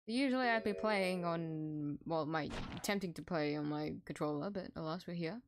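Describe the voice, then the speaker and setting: A woman's voice: lowish voice, normal speed, a little hiss or hum. A young woman streamer chatting casually to viewers while playing a game, giggly and self-deprecating.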